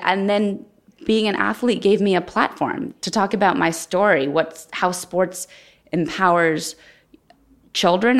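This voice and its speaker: Woman guest talking candid and thoughtful, lowish gravelly voice. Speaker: guest, former Olympic figure skater. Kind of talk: reflective interview conversation.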